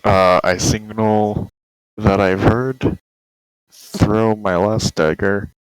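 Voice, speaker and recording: A man playing a tabletop game, speaking in a halting way and checking the rules. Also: on the low side, flat delivery, clear, resonant tone, dry recording, rough recording. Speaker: player.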